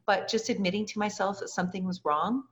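A woman's voice: mid-range voice, fast. A woman, a guest in an interview, telling a personal story earnestly and acting out the voices of the people she quotes. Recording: dull lo-fi recording.

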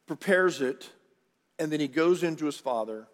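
A man's voice: a little high, lively intonation, normal speed. A middle-aged male pastor telling a story as a sermon, casual and jokey, with asides to his congregation. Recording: long church hall reverb.

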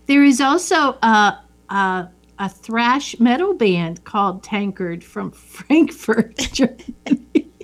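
High-voiced woman podcast co-host. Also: expressive, slow pace. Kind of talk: casual chat.

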